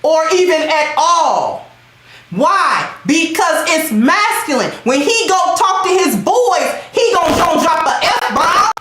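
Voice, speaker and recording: A woman hosts a livestream in a loud, emphatic, slang-heavy voice that sits very high. Her pitch swoops about a lot as she drives her points home. The sound rings through a very echoey room. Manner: reads out and thanks chat commenters. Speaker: livestream host.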